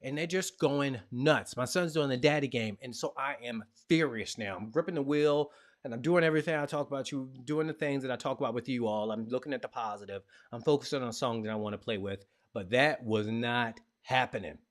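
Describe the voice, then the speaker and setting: A man in his thirties from Richmond, Virginia, hosting a show and telling a personal story in a lively, playful way. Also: medium pitch, fairly quick. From Richmond, Virginia, USA. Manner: animated, playful storyteller who acts out sounds. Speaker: podcast host. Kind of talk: storytelling monologue.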